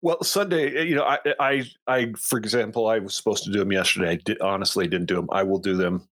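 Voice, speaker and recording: Halting, low-voiced male coach. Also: fairly bright tone, no echo. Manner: halting, many restarts, explanatory. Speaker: coach and podcast co-host. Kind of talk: casual conversational podcast.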